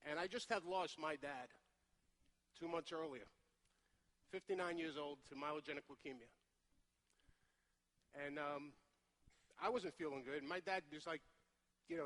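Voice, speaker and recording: A man in his forties with a Brooklyn accent, telling his personal story on stage in an energetic, conversational way. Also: a little high, normal speed, pauses often. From Brooklyn, New York. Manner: energetic, conversational, working the crowd. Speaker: motivational speaker. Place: large event stage.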